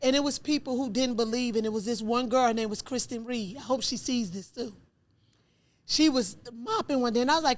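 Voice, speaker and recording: Animated storytelling woman. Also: fast. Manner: animated, acts out dialogue with rising pitch. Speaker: podcast host telling her own story. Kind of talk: candid storytelling interview.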